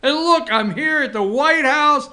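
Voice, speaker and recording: A man's voice: extremely high pitch, a little slow, pitched above the performer's own voice, heavily acted. A man voicing a proud, eager male military dog who boasts and begs to be petted. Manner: excited, fawning and boastful.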